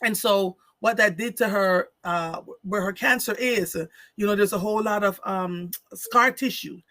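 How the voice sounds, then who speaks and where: High gravelly-voiced man hosting live. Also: moderate pace, bright, forceful tone, no echo. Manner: earnest, emphatic, repeats phrases for stress. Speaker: live show host. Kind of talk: live-stream talk, reading viewer chat aloud.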